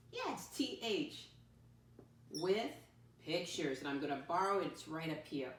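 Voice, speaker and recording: A woman teaching first graders, patient and teacherly, spelling words out slowly and calling her listeners "my friends". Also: mid-range voice. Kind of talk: recorded classroom lesson for young children. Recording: roomy, voice from a distance, faint background noise.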